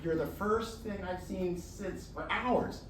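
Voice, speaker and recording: A man voicing a desperate, hungry male tiger that begs for help in high, pleading cries. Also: slow pace, a little hiss or hum. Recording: roomy distant room mic.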